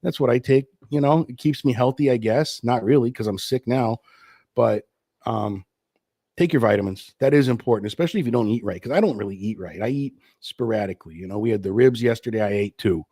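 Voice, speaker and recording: A man hosting his own live stream show, sick with the flu and low on energy, chatting loosely and rambling. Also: brisk, mellow, husky, dry recording, studio quality. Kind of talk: casual live stream chat. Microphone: streaming setup.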